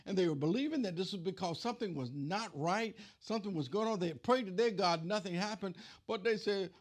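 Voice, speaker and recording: A man's voice: high-pitched, fairly quick, few pauses. A man preacher giving a conversational Bible teaching, retelling scripture in plain everyday speech.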